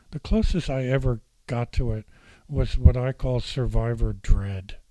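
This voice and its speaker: Soft-toned man telling a story. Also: mid-range voice, unhurried, no room sound, low-quality recording. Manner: animated, acts out the people he quotes; candid and emotional. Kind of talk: personal storytelling monologue.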